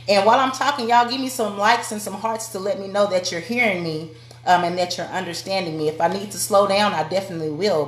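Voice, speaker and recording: A woman giving a motivational live-stream talk to women, speaking directly and preacherly and calling out to her viewers. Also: medium pitch. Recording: echoey room.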